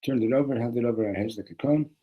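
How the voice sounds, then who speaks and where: A man teaching a classroom lesson on a religious text, animated, often restarting and repeating words. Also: mid-range voice, rapid-fire, slight background noise, low-quality recording.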